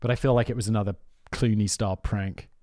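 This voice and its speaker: A man's voice: on the low side, fast talker, no room sound, clean studio sound. A man hosting a podcast, casually telling prank stories and often trailing off mid-thought. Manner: animated storyteller who trails off mid-thought. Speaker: podcast host. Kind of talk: casual chat.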